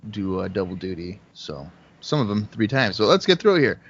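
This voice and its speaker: A man with a somewhat low voice co-hosts a casual podcast, reeling off results in a dry, even stream. He talks over a remote call headset, so the sound is dull and lo-fi. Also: a little fast, a little hiss or hum. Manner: rattles off lists of results in a dry, even run. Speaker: podcast co-host. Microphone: remote call headset mic.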